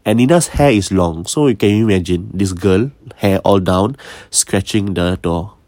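A man's voice: sits low, measured pace, no room sound. Chatty Malaysian man telling ghost stories. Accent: Malaysian English. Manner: chatty, drops to a hush at scary moments. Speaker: storyteller. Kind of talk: casual spooky storytelling.

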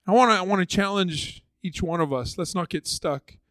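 A man's voice: sits high, moderate pace, fairly bright tone, no echo. A man preaching a sermon in a conversational way, acting out the voices of the people in his stories. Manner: conversational, acts out voices of biblical figures. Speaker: pastor.

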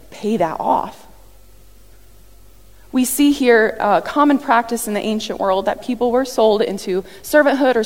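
A woman preaching a sermon in a lively, conversational way, often acting out what people said. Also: a little high. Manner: animated, conversational, acts out quotes. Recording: long reverb from a large hall.

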